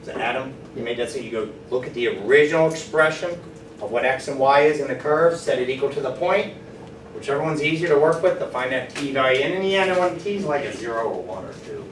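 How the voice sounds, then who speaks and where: A man teaching a math class, lively and encouraging, often asking the students questions. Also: mid-range voice, fast talker. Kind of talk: classroom lecture. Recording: roomy classroom from far off, faint noise.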